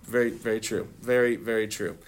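A man teaching a classroom of children, animated and laughing, calling on students and leading them in call-and-response. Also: on the low side, a little fast. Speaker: religion teacher.

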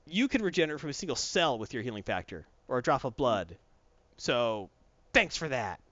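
A man's voice: medium pitch, big pitch swings, fairly quick, fairly bright tone, no room sound, dull audio. A man in casual chat, recapping a comic book plot with mocking put-on voices for the characters. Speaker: comic book podcast co-host.

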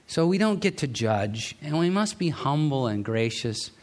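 A man's voice: a little high, big pitch swings, moderate pace. A middle-aged male pastor giving a sermon in a conversational, storytelling way, often restarting his sentences.

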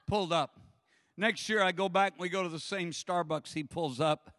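A man's voice: high voice, normal speed, fairly bright tone, dry recording, studio quality, big-room sound. A man preaching a sermon, telling a funny story with lots of animation, acting out voices and laughing often. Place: church sanctuary.

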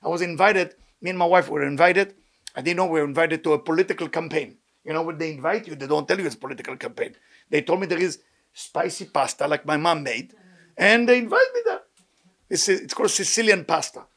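A man with a fairly high, expressive, brisk and slightly bright voice preaches his weekly sermon to a live audience. He is emphatic and repetitive, and he throws in humorous asides.

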